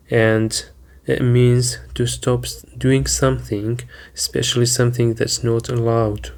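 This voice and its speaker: A man teaching vocabulary, deliberately repeating each word and spelling out its syllables and stress. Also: medium pitch. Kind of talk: slow, careful vocabulary lesson.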